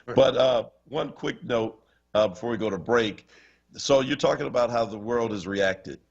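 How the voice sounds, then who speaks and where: A man co-hosting a talk radio show, animated and laughing often as he talks. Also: mid-range voice, moderate pace, vocal fry. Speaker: radio co-host. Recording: dull lo-fi radio stream.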